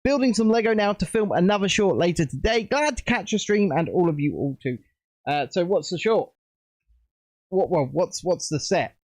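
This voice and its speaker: A man hosting a live stream, chatting in a rambling, animated way as he builds a set. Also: sits high, moderate pace, dry recording. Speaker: streamer host. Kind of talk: casual live-stream chat while building.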